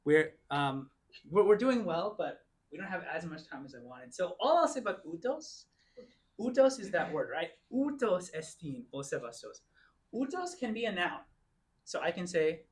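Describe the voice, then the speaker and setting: A man teaching a church Greek class, explaining patiently and reading Greek slowly, word by word. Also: high-pitched, very animated, a bit bright. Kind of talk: classroom lecture.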